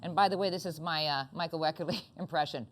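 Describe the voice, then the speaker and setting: A woman from Canada hosting an interview show from a music club, cracking jokes and teasing her guests in playful banter. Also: deep voice. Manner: joking, teasing, quick quips. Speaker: talk show host.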